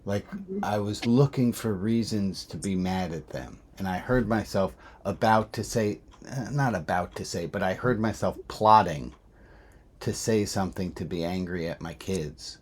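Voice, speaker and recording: Candid, reflective rabbi, low-voiced man. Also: husky. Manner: candid, self-reflective, halting restarts. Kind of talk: personal storytelling talk.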